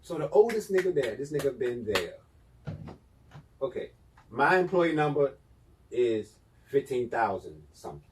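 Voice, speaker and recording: Male podcast co-host, animated storyteller, voice set back from the mic. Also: medium pitch, moderate pace, pauses often, distant mic, slight background noise, poor audio. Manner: animated storytelling, swings loud and quiet. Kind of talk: casual chat.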